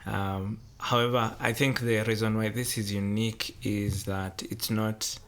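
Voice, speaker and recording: Low-voiced student, tentative. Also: male voice, flat delivery, measured pace, a bit bright. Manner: tentative, searching for words. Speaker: theology student. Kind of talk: podcast conversation.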